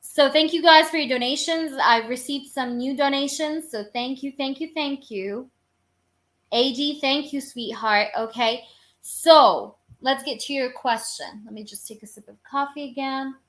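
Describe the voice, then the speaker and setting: A woman giving live tarot readings to her viewers in a loose, chatty stream of talk full of fillers. She curses casually. Her voice is bright and sits slightly high. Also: measured pace. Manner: chatty and informal, with casual cursing; rambling, with many filler phrases. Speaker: tarot reader.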